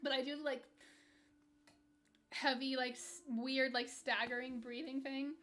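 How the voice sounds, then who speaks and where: High-voiced young woman chatting candidly. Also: level tone, a little slow, fairly bright tone. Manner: rambling and candid, with frequent restarts and light laughs. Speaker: streamer. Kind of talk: casual chat reading live chat while gaming.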